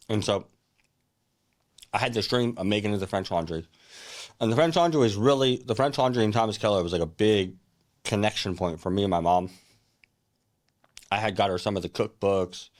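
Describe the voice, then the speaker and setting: A young man, a chef, telling his career story in a casual, earnest first-person way, often restarting his sentences. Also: lowish voice. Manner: earnest and reflective, with many restarts and fillers like "like" and "right?".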